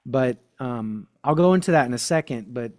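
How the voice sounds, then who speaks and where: A man talks enthusiastically as a podcast guest and leans hard on key words. His pitch sits in the middle range. The recording is dry and close, with no room sound. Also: expressive, moderate pace, a little mellow, no echo. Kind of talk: casual podcast conversation.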